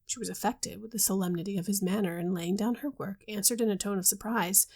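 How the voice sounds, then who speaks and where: A woman reading a classic novel aloud in a steady, measured way. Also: medium pitch. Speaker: reader.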